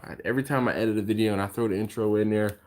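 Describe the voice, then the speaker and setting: A man's voice: fairly low pitch, fairly even intonation, rapid-fire. Rambling, yawning man chatting on a live stream. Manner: rambling, chatty, answers viewer comments. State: yawning, tired. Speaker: barbecue channel host. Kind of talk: casual live-stream chat.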